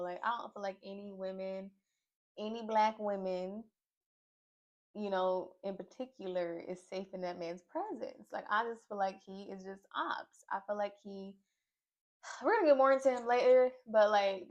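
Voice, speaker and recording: Chatty opinionated woman reviewing reality TV. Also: medium pitch. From Nashville, Tennessee. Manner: chatty, opinionated, lots of fillers. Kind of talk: casual recap commentary. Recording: slightly dull lo-fi audio.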